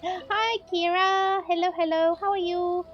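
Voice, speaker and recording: A woman's voice: very high-pitched, steady tone, unhurried, muffled recording, soft background music. A South African woman with a South African accent, livestreaming and chatting casually with her viewers, bubbly and giggly and greeting each chatter by name. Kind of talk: casual chat with stream viewers.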